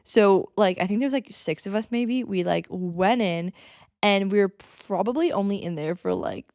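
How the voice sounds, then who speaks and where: A woman in her thirties telling a personal story in a chatty, excitable way with lots of fillers, as a podcast host. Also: mid-range voice, normal speed, no room sound, clean studio sound. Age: 30s. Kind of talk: casual storytelling.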